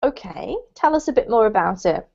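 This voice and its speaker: A woman's voice: mid-range voice, expressive, brisk, vocal fry, darkish tone, husky. A woman teaching an online English conversation class, upbeat and coaching, laughing often as she guides students. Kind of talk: friendly online class hosting. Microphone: video call. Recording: muffled lo-fi call audio.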